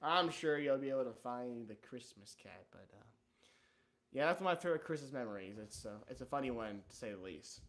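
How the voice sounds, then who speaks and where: A man's voice: medium pitch, lively intonation, brisk, a bit bright. A man hosting a casual livestream chat, telling stories in a playful, joking way. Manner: playful, jokey storytelling. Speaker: livestream host.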